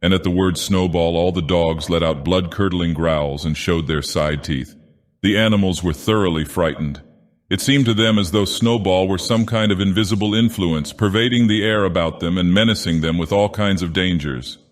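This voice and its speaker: A man narrating an audiobook in character as an ancient menacing god-villain, with a grave, deliberate delivery. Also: sits low, natural voice. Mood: ominous. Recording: long hall reverb.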